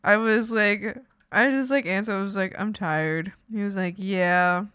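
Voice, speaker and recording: A woman's voice: mid-range voice, a little fast, a bit bright, clear, resonant tone, no echo, clean studio sound. A woman streamer chatting casually with her viewers while she draws, giggling often and teasing them playfully. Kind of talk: casual live-stream chat while drawing.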